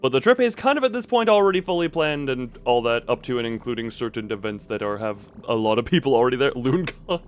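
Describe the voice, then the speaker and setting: A man's voice: mid-range voice, lively intonation, quick pace, few pauses, faint music behind. A man streaming a video game, chatting loosely with his viewers, restarting his sentences and laughing often. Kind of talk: casual live-stream chat while playing.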